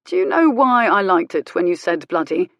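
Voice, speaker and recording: A woman voicing a calm, dry-witted male country vicar who speaks mildly but bluntly. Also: fairly low pitch, normal speed, no echo, lo-fi sound. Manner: mild, blunt, quietly commanding.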